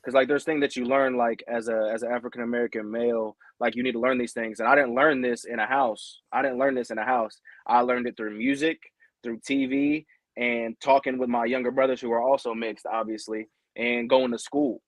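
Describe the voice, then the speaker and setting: A man's voice: medium pitch, steady tone, a little fast, no room sound. Earnest rambling young man on a podcast. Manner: rambling, peppered with "you know what I mean"; earnest and heartfelt. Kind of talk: casual podcast chat.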